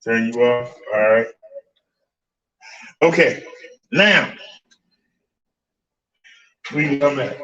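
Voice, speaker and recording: Chatty man with a bright voice. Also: mid-range voice, very slow, long pauses, reverberant, dull audio. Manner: chatty, laughing, talks to viewers and his bike. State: out of breath. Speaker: fitness and e-bike vlogger. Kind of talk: casual vlog demo.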